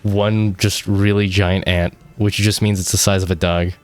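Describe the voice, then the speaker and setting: A man running a tabletop game as game master, giving rulings in a teasing, deadpan way. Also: low-pitched, moderate pace, no echo, faint music behind. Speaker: dungeon master.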